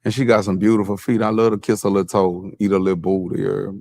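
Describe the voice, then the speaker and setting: A man's voice: deep voice, flat delivery, fast, vocal fry, mellow. A man talking casually and bluntly in a played interview clip, in a laid-back drawl.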